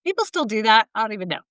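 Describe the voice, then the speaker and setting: A woman hosts her own health podcast, chatting informally and pausing for asides and quick self-corrections. Her voice sits on the high side and is smooth and clear. It is recorded dry and close, with no room sound, and she sounds a bit tired and tongue-tied. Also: sing-song, fairly bright tone, no room sound. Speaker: podcast host and health coach. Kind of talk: solo podcast monologue.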